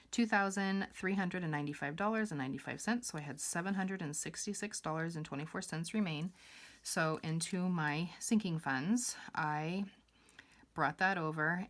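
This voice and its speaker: A woman's voice: low-pitched, fairly bright tone. A young woman chatting casually through her budget on camera, rambling with fillers and a little out of breath. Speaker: budgeting vlogger.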